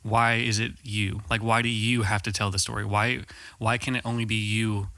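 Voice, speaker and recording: A man's voice: fairly low pitch, flat delivery, normal speed, bright, forceful tone, no echo. A man on a podcast as a filmmaker guest, chatty and storytelling, full of "like" and "um". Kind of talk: casual podcast chat.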